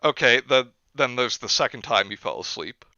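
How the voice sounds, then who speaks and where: Bright, crisp-voiced man telling stories. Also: on the low side, a little fast, no room sound, highs cut off. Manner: animated storyteller, acts out quotes. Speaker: streamer host. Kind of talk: casual storytelling chat.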